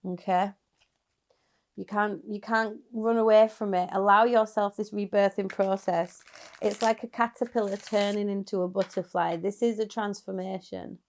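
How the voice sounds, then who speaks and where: A woman's voice: medium pitch, vocal fry, a little mellow. A woman giving a casual, chatty tarot reading straight to her viewers, encouraging and sometimes laughing. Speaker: tarot reader.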